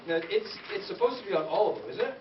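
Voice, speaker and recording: A man working as a guest conductor at a school band rehearsal, animated and playful, quizzing the students. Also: high-pitched, quick pace. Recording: distant, echoey, dull room recording with hiss.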